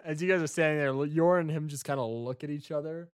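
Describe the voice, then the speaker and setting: A man narrating a tabletop game as game master, a lively storyteller. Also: on the high side, fast talker, clear, resonant tone.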